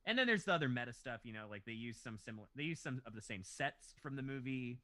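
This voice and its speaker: A man co-hosting a podcast, chatting casually about a TV show and getting animated as he retells scenes. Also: mid-range voice, quick pace. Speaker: podcast co-host. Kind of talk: casual chat.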